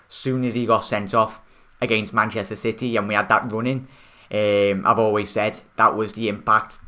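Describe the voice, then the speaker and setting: A man's voice: lowish voice, sharp tone. A young man with a Scouse accent hosting a casual football fan stream, rambling and chatty with lots of fillers, reading out viewer comments. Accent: Liverpool Scouse. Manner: chatty, rambling, many fillers and restarts, calls viewers mate. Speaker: football fan channel host.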